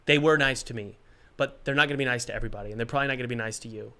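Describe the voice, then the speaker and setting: Bright-voiced man with a cold. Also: medium pitch, rapid-fire, clear, resonant tone. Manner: energetic, rambling, jokey. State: has a cold, coughing. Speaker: game developer hosting a live Q&A stream. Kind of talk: casual livestream advice.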